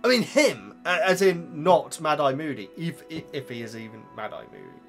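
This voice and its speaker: A man chats to camera as he reads viewer comments aloud, his voice sitting high and swinging widely up and down. He talks in an animated way, tripping over his words and restarting his sentences. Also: normal speed, gravelly, faint music behind. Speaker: video host reading viewer comments. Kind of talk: casual chat to camera.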